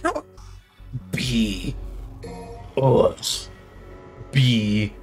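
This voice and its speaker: A man giving casual, profane, excitable commentary while playing a video game. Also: medium pitch, extremely slow, faint music behind. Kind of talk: casual let's-play commentary. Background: game soundtrack and sound effects.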